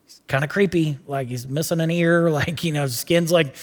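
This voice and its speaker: A man preaching a casual sermon, telling the story with animated voices and quick asides. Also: fairly high pitch, in a large hall. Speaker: pastor.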